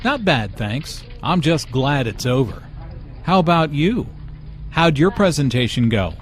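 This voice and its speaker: A man's voice: a little high, very animated, unhurried, soft background music. A man voicing a friendly student in a scripted learning dialogue. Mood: relaxed. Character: young male student chatting with a classmate.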